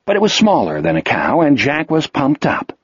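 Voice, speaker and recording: A man reading an audiobook in steady scripted narration. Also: on the high side, normal speed, breathy edge, no echo, dull audio.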